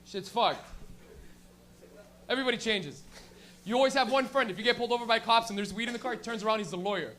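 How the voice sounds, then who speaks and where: A young man from Canada works a club crowd with a profane stand-up set. His voice sits very high for a man, and he keeps jumping into quick voices for stoned friends and cops. The delivery is loose and conversational. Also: sharp tone, slight background noise. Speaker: stand-up comedian. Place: comedy club.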